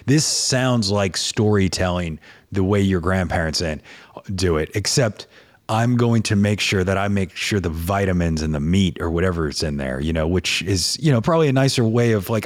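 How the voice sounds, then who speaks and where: A man's voice: deep voice, brisk. A man with a New Orleans accent, a podcast guest chatting casually, rambling with many restarts. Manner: rambling, restarts a lot, animated. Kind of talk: casual chat.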